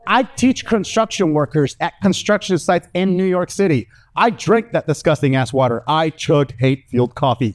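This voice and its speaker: A young man from the American South with a Southern accent, doing a stand-up comedy set before a live audience with lively storytelling. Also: fairly high pitch. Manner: animated, lively storytelling with acted-out voices.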